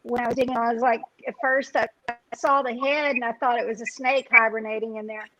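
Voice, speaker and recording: A woman's voice: a little high, steady tone, a little fast, sharp tone, poor audio. A woman, chatting casually as a guest on a livestream, with frequent fillers and laughter. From Texas. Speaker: guest metal detectorist.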